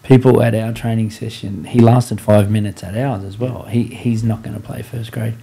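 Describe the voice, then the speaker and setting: Mellow, low-voiced male podcast host. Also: fairly even intonation, moderate pace, gravelly, husky. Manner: reflective, recounts a player's story steadily. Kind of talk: casual interview chat.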